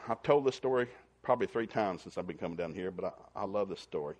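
A man preaching a sermon in a folksy storytelling manner, acting out the people in his stories. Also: fast talker. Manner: folksy, animated, acts out characters in a shouting high voice.

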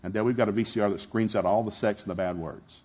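A middle-aged man preaching a sermon, telling a family story with animated, shouted retellings. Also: fairly low pitch, fast talker, breathy edge. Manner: animated, shouting in acted-out scenes, laughing. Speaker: pastor.

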